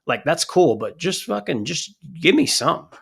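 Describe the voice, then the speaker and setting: A man's voice: a little high, unhurried, gravelly, breathy edge. A man co-hosting a wrestling podcast, rambling and swearing in casual chat. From United States. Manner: rambling, profane, animated. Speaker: podcast co-host.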